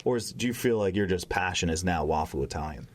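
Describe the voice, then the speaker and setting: A man with a lowish voice hosts a casual podcast chat. He jumps in with quick encouraging remarks and often finishes his guest's thoughts. He speaks like a friend talking shop. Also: expressive. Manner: supportive interjections, finishes guest's sentences. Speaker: podcast host.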